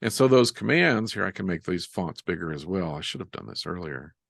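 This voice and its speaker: Low-voiced man teaching software on a webinar. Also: fairly quick, gravelly, no echo, studio quality. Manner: relaxed, self-deprecating, walks through steps while typing. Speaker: software instructor. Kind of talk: live webinar software demo.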